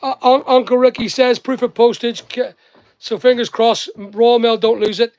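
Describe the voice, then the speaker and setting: A man's voice: very high-pitched, little pitch movement, moderate pace, darkish tone, no room sound, highs cut off. A man with a mixed Northern Irish and English accent, chatting to viewers while packing orders, teasing and joking with his staff. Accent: Northern Irish-English mix. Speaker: online seller and channel host. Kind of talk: casual live-stream chat while packing. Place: packing workspace with staff nearby.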